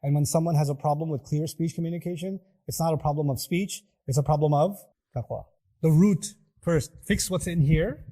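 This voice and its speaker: A middle-aged man delivers a sermon in a fairly high voice. He keeps asking his listeners rhetorical questions and slips into other people's voices to act out their words. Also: brisk, mellow. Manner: acts out quoted voices, rhetorical questions to the audience. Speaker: preacher.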